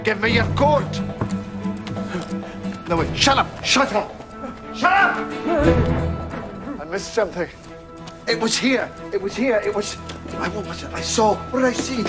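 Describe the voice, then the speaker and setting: An actor with a Scottish accent playing a cranky, eccentric alien hero who rambles theatrically in a television drama. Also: male voice, sits high, expressive, unhurried, long pauses, over loud music. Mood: grumpy musing. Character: newly changed eccentric male alien hero, middle-aged, cranky. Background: dramatic score.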